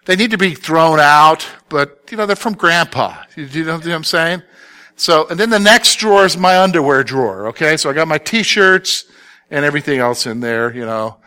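A man's voice: a little high, lively intonation, moderate pace, sharp tone, smooth. A male pastor preaching a conversational sermon, often stumbling over repeated words and checking that listeners follow him.

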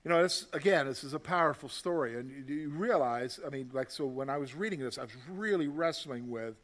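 A man, the church's pastor, preaching a sermon in a conversational, emphatic way that swells in loudness. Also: mid-range voice, lively intonation. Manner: reads scripture aloud in a measured voice.

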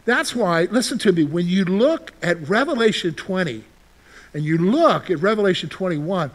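A pastor preaches a sermon at a moderate pace in a high, lively voice whose pitch rises and falls widely. He keeps turning to the congregation with rhetorical questions.

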